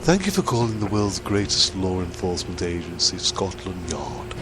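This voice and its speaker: A man's voice: low voice, very animated, moderate pace. A man putting on a stiff, formal male voice for a recorded phone menu, with overly proper announcer phrasing. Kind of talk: prank phone bit. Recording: noisy phone-line playback.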